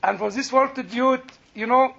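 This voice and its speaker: Heard through a dull lo-fi recording, an older man with an Egyptian accent speaks at normal speed in a very high-pitched, sharp voice with vocal fry. He teaches a Bible class as a sermon woven with storytelling, chatty, laughing often and frequently starting over.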